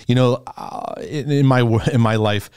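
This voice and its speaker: A man's voice: medium pitch, moderate pace, a little mellow, clear, resonant tone, no room sound, studio quality. A man hosting a podcast, talking in a candid, reflective way with frequent hesitations and restarts. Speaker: podcast host. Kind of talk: candid conversational podcast talk.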